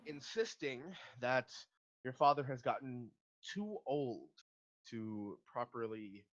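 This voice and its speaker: A man's voice: medium pitch, a bit bright, dull audio. A man narrating a tabletop game as game master in a casual, hesitant way with many fillers.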